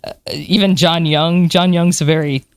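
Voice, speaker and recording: A podcast co-host telling stories in an animated way, with plenty of fillers and laughs. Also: mid-range voice, normal speed, clear, resonant tone, dry recording. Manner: animated storyteller, many fillers, laughs while talking. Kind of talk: casual chat.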